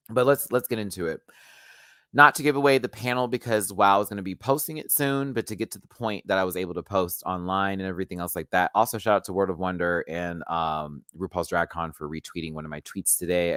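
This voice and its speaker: A man's voice: no room sound, studio quality. A man hosting his own channel, telling a story in a casual rant and acting out what people said with big jumps in his voice. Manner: animated, acts out quotes with big pitch jumps. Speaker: YouTube host.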